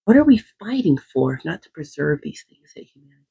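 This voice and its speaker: Husky, earnest warrior prince, read by a woman, for a casual lore retelling. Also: sits low, very animated, fast, warm tone, heavily acted. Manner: earnest, pleading questions. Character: proud idealistic male warrior prince.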